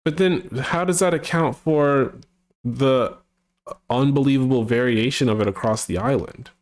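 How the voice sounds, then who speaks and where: A man's voice: mid-range voice, a little slow, darkish tone. A man hosting a livestream, chatting casually, asking wry, skeptical questions and reading viewer comments aloud. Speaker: streamer host. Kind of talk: casual chat.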